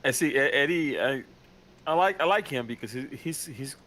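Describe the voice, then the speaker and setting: A man in casual chat, talking in a halting, hesitant way with many restarts. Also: mid-range voice, animated, pushed and bright, rough recording. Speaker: fellow role-player.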